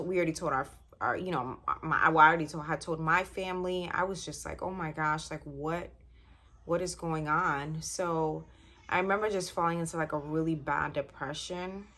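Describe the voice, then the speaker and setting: A woman's voice: fairly low pitch, a bit bright. A young woman telling a personal story in a candid, rambling way, with many fillers and restarts. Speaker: vlogger telling her story.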